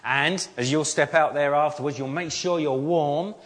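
A man's voice: on the high side, normal speed, fairly bright tone. A man, a pastor, preaching a sermon in an earnest, conversational way, with rhetorical questions and frequent restarts.

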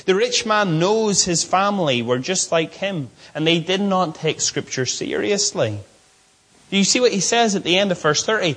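A man's voice: high voice, expressive, moderate pace, fairly bright tone. A man preaching an expository sermon, earnest and emphatic, asking his listeners questions.

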